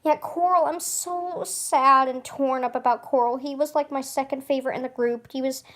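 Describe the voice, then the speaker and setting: Woman vlogger, slightly high voice, casual rambling chat, frequent stutters and restarts. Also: steady tone, moderate pace, fairly bright tone. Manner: chatty, rambling, with frequent laughs.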